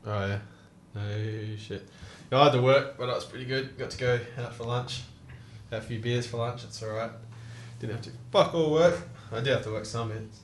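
A young male podcast host leads a loose, casual chat, getting excitable, swearing freely, and laughing often. His brisk, mid-pitched voice echoes in a roomy space, with a little hiss or hum.

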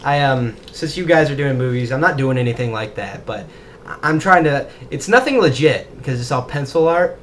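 A man's voice: medium pitch, lively intonation, moderate pace, a bit bright. Teen guy rambling about football and drawing, mid voice, light hiss. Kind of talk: casual chat. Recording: faint background hiss.

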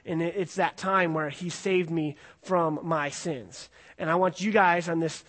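Higher-voiced male pastor in echoing hall. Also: steady tone, measured pace, a bit bright. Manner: conversational, with many fillers and restarts. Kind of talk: casual sermon with scripture reading. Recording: long hall reverb.

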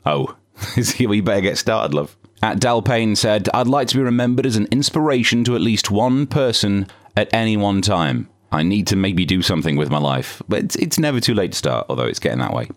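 A man's voice: lowish voice, sing-song, a little fast. Dry-witted British man hosting a comedy podcast. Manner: dry, sarcastic asides. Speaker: podcast host. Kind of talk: deadpan comic monologue.

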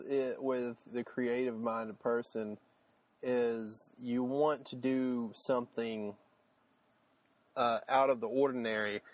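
A man's voice: medium pitch, a little mellow. A man co-hosting a podcast in casual chat, rambling with fillers and restarts. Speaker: podcast co-host.

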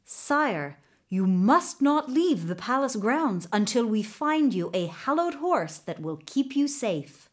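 A woman's voice: fairly high pitch, very animated, takes it slowly, exaggerated voice. Woman playing a formal prime minister. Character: grave male prime minister, careful adviser.

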